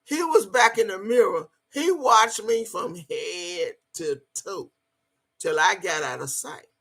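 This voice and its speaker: A woman telling a personal story in a casual, animated way, swearing freely as she goes. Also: mid-range voice, slow pace, husky.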